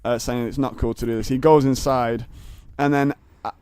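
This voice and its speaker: A man's voice: medium pitch, fairly even intonation, normal speed, darkish tone, clear, resonant tone, no echo. A young man telling a story in casual chat, rambling with stammered restarts. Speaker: comedian guest.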